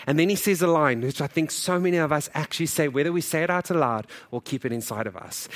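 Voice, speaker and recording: A man's voice: mid-range voice, fast. A man preaching a sermon, talking in a conversational way, his voice swelling and dropping for emphasis as he acts out quoted voices. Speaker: pastor.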